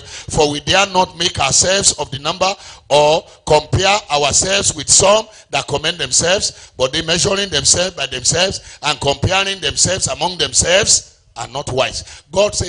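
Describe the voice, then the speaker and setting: Bright-voiced Nigerian man preaching. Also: a little high. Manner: call-and-response preaching, sings phrases. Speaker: pastor. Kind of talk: sermon.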